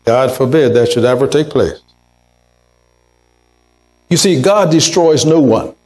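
A man's voice: medium pitch, lively intonation, unhurried, a little mellow, poor audio. A pastor preaching a sermon in a church, earnest, lifting his voice to act out quoted words. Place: church sanctuary.

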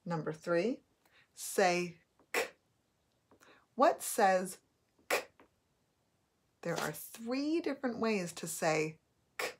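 A woman teacher giving a recorded spelling test, dictating words slowly and repeating each one. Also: on the low side, sing-song, slight background noise.

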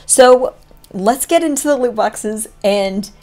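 A young woman chatting excitedly as she opens items on her gaming vlog, full of rambling asides. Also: a little high, slow pace. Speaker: gaming vlogger. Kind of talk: casual unboxing commentary.

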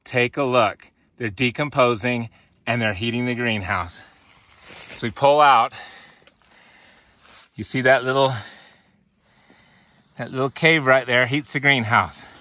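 A man's voice: mid-range voice, takes it slowly, pauses often, pushed and bright, no echo. A man in his forties, a farmer, talking to viewers in a casual, upbeat way while filming himself, out of breath from shoveling snow, outdoors and in a greenhouse. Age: 40s. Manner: upbeat, addresses viewers as guys. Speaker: farmer and channel host. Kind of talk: casual walk-and-talk farm vlog. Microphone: handheld camera, filming himself.

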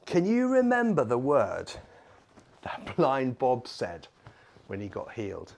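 A man leading family worship as a vicar, telling a Bible story in an animated, playful way with props. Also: mid-range voice, slow, gravelly. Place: church.

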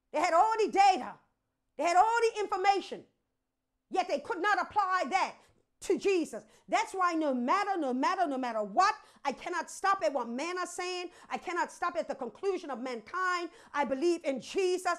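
Woman, pastor, sermon, very high pitch, rousing call-outs, laughing. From Bermuda.

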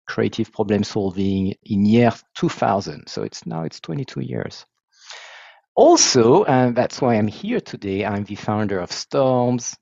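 A man from France with a French accent, presenting his background on a video call in a self-deprecating, halting way. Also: fairly low pitch, vocal fry, darkish tone, no room sound, dull audio. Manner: self-deprecating, hesitant restarts. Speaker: software founder and facilitator.

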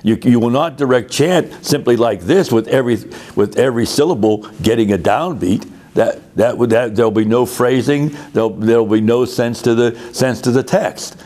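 A man's voice: mid-range voice, normal speed, hardly any pauses, a little mellow. Man explaining conducting patiently. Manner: patient, explanatory, repeats words. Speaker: music teacher. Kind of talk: conducting lesson.

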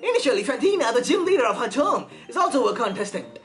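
A woman's voice: sing-song, quick pace, faint music behind. A woman voicing a flamboyant female gym leader with a put-on French accent, giggly and theatrical. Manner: theatrical, giggly, swooping pitch.

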